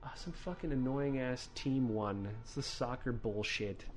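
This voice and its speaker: A man's voice: medium pitch, a little slow. Profane ranting podcast host, a man. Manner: ranting, profane, many restarts. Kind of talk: casual podcast chat.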